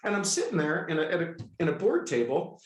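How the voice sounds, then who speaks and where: Excitable guy telling a story, kinda high voice, roomy echo. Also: brisk. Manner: animated, excitable, jumps into quoted dialogue. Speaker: guest, healer. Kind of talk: storytelling in a conversational interview. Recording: echoey room.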